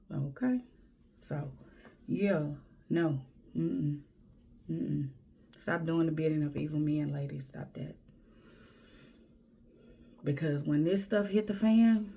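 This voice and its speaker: A woman's voice: sits low, takes it slowly, gravelly, long pauses, dark tone, husky. A woman from Houston, giving blunt, sassy advice in a casual monologue and often dropping to a whisper. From Houston, Texas. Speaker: vlogger.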